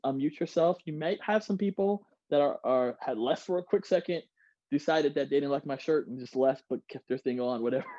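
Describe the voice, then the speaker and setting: A man giving an energetic online workshop, reading out audience replies and laughing often. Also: on the high side, dry recording, highs cut off. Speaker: workshop speaker. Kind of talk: interactive online workshop talk. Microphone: video call.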